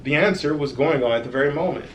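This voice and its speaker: Male storyteller, kids' read-aloud, lively with direct asides; echoey room, faint hiss. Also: fairly high pitch, fast talker. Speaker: author reading his own book. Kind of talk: reading a children's story aloud.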